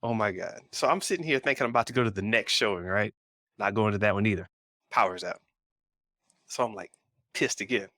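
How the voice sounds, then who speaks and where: On the low side and a little fast, this man's voice is punctuated by long pauses, with no echo in the recording. He's a pop culture podcast co-host telling a rambling story in casual chat, animated in his retelling.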